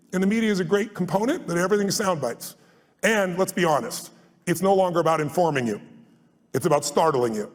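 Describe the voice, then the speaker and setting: A man with a high, quick voice works a live crowd, pushing his points home bluntly and acting out his anecdotes. His voice rings out with long reverb in a large hall. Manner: emphatic and blunt, swears for force, acts out anecdotes. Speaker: speaker and guest on a live stage tour. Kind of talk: motivational storytelling to a live audience.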